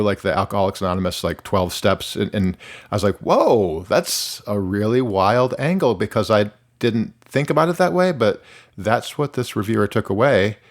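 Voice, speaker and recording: A middle-aged man from Michigan, a musician guest, talking candidly and rambling with many restarts and fillers. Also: fairly low pitch. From Michigan, USA. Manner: rambling, self-interrupting, many "like"s. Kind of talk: candid conversational interview.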